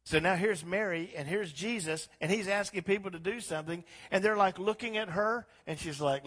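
A man preaching a sermon as pastor, swinging from quiet talk to loud, impassioned exhortation. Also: high-pitched, moderate pace, hardly any pauses, in a large hall. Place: church sanctuary.

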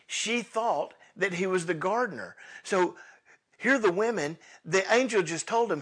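Man preaching an animated sermon. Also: sits high, unhurried, breathy edge. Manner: animated storytelling, acting out the scripture dialogue. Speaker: pastor.

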